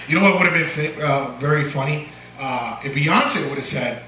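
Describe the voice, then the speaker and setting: Male stand-up comic in a small bar, lively pitch, halting delivery full of restarts, taped from afar in an echoey room with clear crowd noise. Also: distant mic. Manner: halting delivery full of uh and restarts, jumps high for quoted voices. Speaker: stand-up comedian. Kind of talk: stand-up comedy set. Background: bar crowd ambience and laughter.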